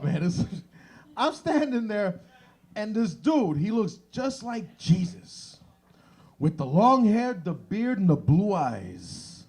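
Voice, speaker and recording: A man hosting a stand-up comedy show in a bar, animated and acting out bits. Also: high-pitched. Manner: animated, shifts into exaggerated voices for bits.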